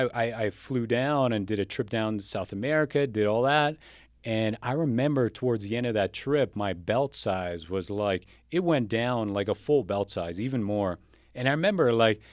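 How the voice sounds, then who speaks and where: A man from Canada in his forties, a podcast guest telling his story in a casual, energetic way, often restarting and repeating words. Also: medium pitch, no room sound, clean studio sound. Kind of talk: casual interview talk.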